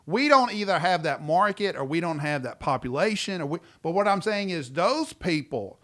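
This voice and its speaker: Male podcast co-host, animated and jokey, a bright forceful voice that sits a little high. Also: moderate pace. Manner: animated, jokey, interrupts often. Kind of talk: casual podcast chat.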